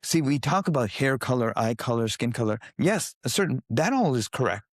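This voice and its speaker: Man telling animated stories, dry close sound. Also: medium pitch, fairly quick, no echo. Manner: animated storytelling, acting out quoted voices. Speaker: guest. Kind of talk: conversational podcast interview.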